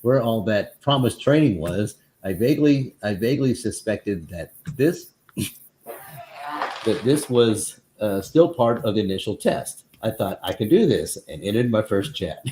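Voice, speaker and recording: A man's voice: on the low side, lively intonation, unhurried, a little mellow. A man hosting a podcast, reading his own written account aloud and laughing often in between. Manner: laughs often while telling the story.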